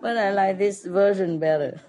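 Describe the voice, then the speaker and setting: A woman's voice: fairly low pitch, slow, dark tone. A woman teaching at a retreat, telling jokes playfully with chuckles and frequent check-ins with her listeners.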